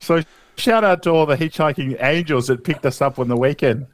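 A man's voice: a little high, brisk. A young Australian man co-hosting a podcast, telling a rambling, laughing anecdote in casual chat. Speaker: podcast co-host.

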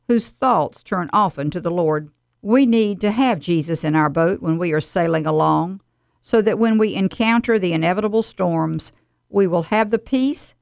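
A woman delivering a scripted radio devotional in an earnest, steady, exhorting manner. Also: fairly low pitch, gravelly, no echo, studio quality.

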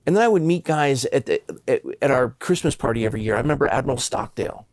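A man's voice: mid-range voice, animated, quick pace, no echo, studio quality. A man in his fifties from Southern California, telling a personal story as a guest with earnest emphasis and frequent stammered restarts.

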